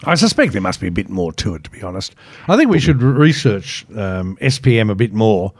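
Lively wry man. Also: on the low side, brisk, no echo. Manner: wry, mock-serious, lively delivery. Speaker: podcast co-host. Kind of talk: casual comedic banter.

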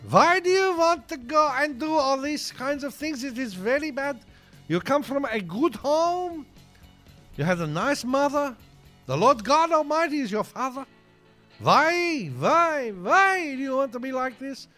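A man plays a fussy male judge who scolds and lectures, his voice pitched high and swinging wildly between notes. The tone is nagging and exasperated, with faint music underneath. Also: lively intonation, a little slow, bright, forceful tone, exaggerated voice. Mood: scolding. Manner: nagging, lecturing questions in a raised, sing-song voice.

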